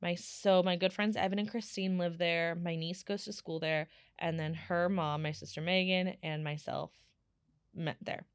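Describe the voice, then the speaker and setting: A woman in her thirties hosting a casual solo podcast, telling stories in a chatty, animated way with lots of fillers. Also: fairly low pitch, normal speed, clear, resonant tone, no echo, clean studio sound. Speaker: podcast host.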